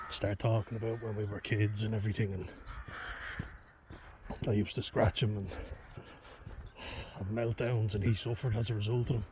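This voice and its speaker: A man's voice: on the low side, level tone, moderate pace, long pauses. A young man, talking frankly and rambling in a vlog, swearing freely and laughing nervously between points. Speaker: vlogger. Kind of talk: candid confessional vlog talk. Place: outdoors in the countryside among farm animals. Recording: dull outdoor recording with background noise.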